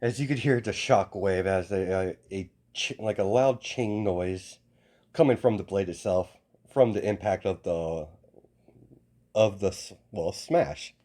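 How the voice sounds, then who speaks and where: A man narrates an improvised fan story, stopping often to restart and correct himself. His voice sits a little low and sounds soft and mellow. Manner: halting, full of restarts and self-corrections.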